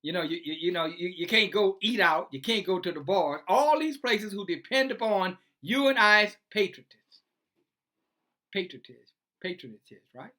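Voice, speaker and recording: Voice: mid-range voice, lively intonation, moderate pace, few pauses, pushed and bright. An online commentator who reads news aloud and preaches about it in a sarcastic way, full of rhetorical questions.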